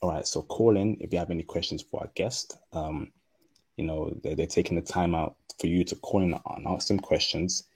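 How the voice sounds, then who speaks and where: A man hosting a livestream, speaking slowly and deliberately with a non-native English accent. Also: low voice, fairly even intonation, vocal fry, a little mellow, breathy edge. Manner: slow, deliberate speech. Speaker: livestream host. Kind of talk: casual livestream talk.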